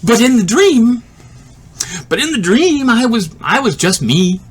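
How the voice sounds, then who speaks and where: High-pitched guy telling a wild story, swings all over, laughs a lot, cusses. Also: a little slow, breathy edge. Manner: animated, laughs often, swears freely. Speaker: video creator telling a personal story. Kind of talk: casual storytelling monologue.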